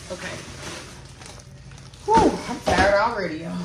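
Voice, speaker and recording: A woman's voice: medium pitch, sing-song, normal speed. A woman, chatting casually with her viewers as she unboxes gifts. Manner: chatty, addresses viewers as y'all and child. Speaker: vlogger. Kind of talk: casual chat while unboxing. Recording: echoey room, mic at a distance, background noise.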